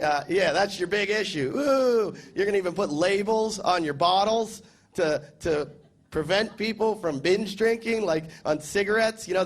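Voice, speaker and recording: A young American man on a festival stage doing stand-up, his voice sitting notably high. He talks in a sarcastic, deadpan way, jumping into mock-outraged voices when he quotes people. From United States. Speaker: stand-up comedian. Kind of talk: stand-up comedy set. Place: large comedy festival stage with cheering audience.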